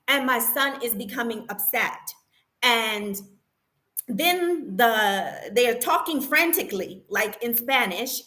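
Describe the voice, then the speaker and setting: A woman's voice: on the high side, animated, slow, sharp tone. A woman vlogger retelling a personal ordeal in an emotional, indignant way, stumbling and restarting as she talks. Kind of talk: personal story vlog.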